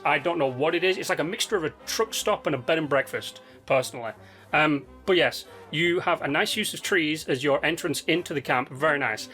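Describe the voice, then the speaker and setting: Laid-back slangy man, slightly high voice. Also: a bit bright. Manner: laid-back, slangy and rambling with many ums and restarts. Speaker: gaming video host reviewing player builds. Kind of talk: casual game commentary. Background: faint background music.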